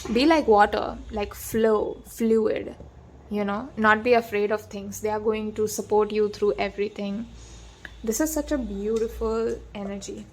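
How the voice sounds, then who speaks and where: A woman giving a gentle, reassuring tarot reading, talking with many fillers and restarts. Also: medium pitch, slight background noise. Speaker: tarot reader. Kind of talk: soft-spoken tarot reading.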